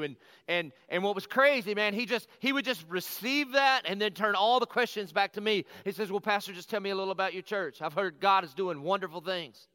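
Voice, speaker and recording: Bright, crisp-voiced storytelling pastor. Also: male voice, high voice, dry recording. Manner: animated, conversational, acts out quotes. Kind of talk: storytelling sermon.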